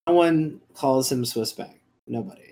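A man co-hosts a fantasy basketball podcast in a casual, emphatic way. He hammers his points home by repeating them and pads his talk with fillers. His voice sits at an ordinary middle pitch. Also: normal speed, warm tone. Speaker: podcast co-host.

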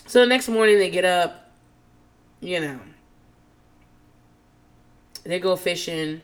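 A woman with a fairly low-pitched voice speaks slowly with long pauses as she hosts a podcast, casually recapping a reality show. She's animated and swears freely, switches into squealing mock quotes of the people she describes, and calls herself nervous and on edge.

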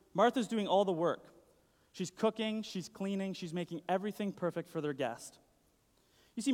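A man's voice: high-pitched, darkish tone. A young man giving a casual sermon, chatty and full of "like". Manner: chatty, uses "like" a lot. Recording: long hall reverb.

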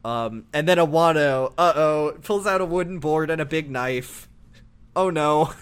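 A man in casual chat, playfully retelling a video game story and putting on quick character voices. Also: on the high side, clean tone. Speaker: co-host recapping a video game.

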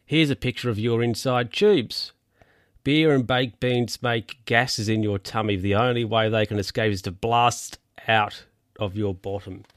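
A man's voice: on the low side, steady tone, unhurried, no room sound, studio quality, natural voice. Stern dog doctor, as a man reads him out. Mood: lecturing. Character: brisk no-nonsense male dog doctor.

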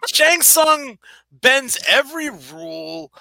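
A man's voice: extremely high pitch, sing-song, slow, creaky, bright, forceful tone, no room sound. A man ranting emphatically in casual podcast chat.

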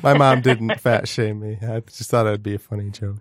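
A man's voice: fairly low pitch, steady tone, normal speed, no room sound. A man chatting casually on a podcast, telling stories in a dry, self-deprecating way. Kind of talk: casual chat.

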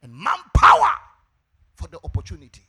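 A middle-aged Ghanaian pastor preaching a sermon, telling a story with animated delivery and shouted emphasis. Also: male voice, very high-pitched, normal speed.

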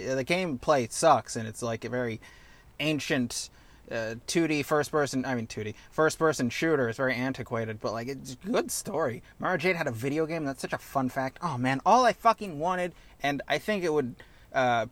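A man co-hosting a podcast in casual chat, animated and profane, slipping into goofy character bits. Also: mid-range voice, no echo. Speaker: podcast co-host.

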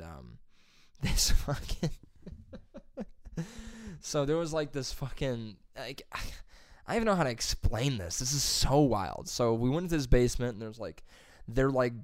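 A young man talks casually and swears constantly as he rambles through a job story. His voice is clear and resonant. It sits at a middle pitch and is recorded close and dry. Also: dry recording. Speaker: plumber's helper telling a story. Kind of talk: casual chat.

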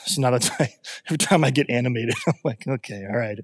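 A man in his thirties preaching a sermon as pastor, animated and conversational, with restarts and jokes. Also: mid-range voice, fairly quick, husky, in a large hall.

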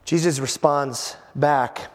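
Animated male pastor, high voice, long hall echo. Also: takes it slowly. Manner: animated, acts out the quoted voices. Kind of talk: sermon. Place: church. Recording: hall reverb.

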